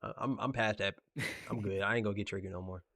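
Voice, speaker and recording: Fast-talking young man, low voice. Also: no room sound, clean studio sound. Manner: fast, excitable, jokey, puts on meek apologetic voice in stories. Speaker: podcast co-host. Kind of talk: casual chat.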